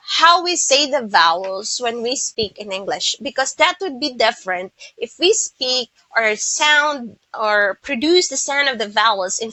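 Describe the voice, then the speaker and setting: A Filipino woman teaching English pronunciation, who speaks slowly and repeats words so listeners can copy them. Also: fairly high pitch, sharp tone, no room sound, low-quality recording. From Philippines. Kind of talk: pronunciation lesson.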